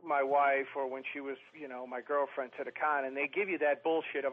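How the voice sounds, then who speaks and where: A man telling long, profane comic stories in a rambling, animated way, often mimicking other people. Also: mid-range voice, a little fast, few pauses, narrow, tinny audio. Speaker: storytelling podcast guest.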